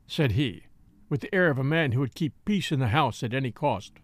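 An expressive male narrator reads a scripted audiobook at medium pitch and a moderate pace. The sound is clean studio quality with no room sound.

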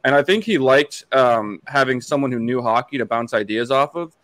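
A man in his late twenties from Massachusetts appears as a podcast guest, telling stories chattily with many restarts. His voice is mid-range and a bit bright, at a moderate pace, with no echo.

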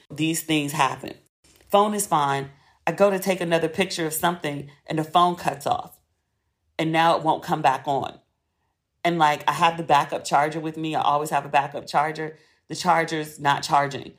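A woman hosting a podcast, telling a story in a chatty, expressive way and swearing freely. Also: sits low. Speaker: podcast host. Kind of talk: casual storytelling monologue.

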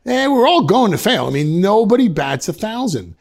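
A man in his fifties from Westchester, New York, telling stories as a podcast guest in an animated way, with many restarts. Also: high-pitched, normal speed, vocal fry. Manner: animated, many restarts, slips into quoted voices. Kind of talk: reflective storytelling in a podcast interview.

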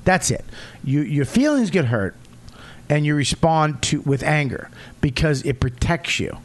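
A middle-aged man from Boston with a Boston accent, a comedian guest telling profane, animated stories in casual podcast chat. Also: on the high side, a little slow. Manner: profane, animated storytelling with acted-out quotes.

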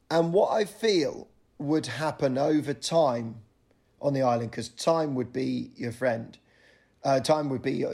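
A man's voice: medium pitch, gravelly, a little mellow. A middle-aged man, a comedian guest on a podcast, spins a self-deprecating anecdote in a mid-range voice. He acts out the other people's lines as he goes.

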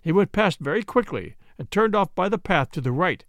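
A man's voice: sits high, expressive, fairly quick, no room sound. Male reader playing a self-assured inspector in a storybook, confident and matter-of-fact, dry close sound.

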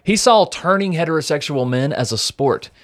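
A man's voice: on the high side, lively intonation, moderate pace, a crowd in the background. A young man co-hosting a casual true-crime podcast, recounting the case and reading quotes aloud with wry jokes. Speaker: podcast co-host.

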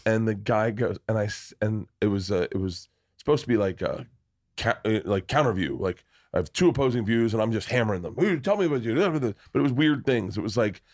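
A man's voice: on the low side, a little fast. A middle-aged man hosting a casual comedy podcast, telling swearing-laced stories and acting out the people in them. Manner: animated storyteller, acts out quoted voices, swears freely. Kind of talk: casual chat, storytelling.

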